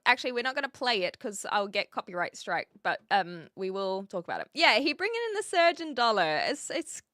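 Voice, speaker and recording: Lively bright-voiced New woman. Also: medium pitch, dry recording, studio quality. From New Zealand. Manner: chatty, lots of fillers and restarts. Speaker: streamer. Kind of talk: casual live-stream chat, reading and answering chat.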